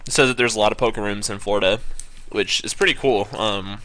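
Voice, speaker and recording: Young man, lowish voice, bright, streaming, casual commentary, lots of ums and self-corrections. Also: steady tone, fairly quick. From California. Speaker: poker streamer.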